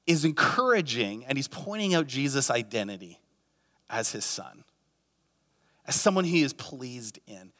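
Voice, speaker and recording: A man's voice: a little high, fairly bright tone, in a large hall. A man preaching a sermon as a pastor, earnest, with many rhetorical questions and repeated phrases.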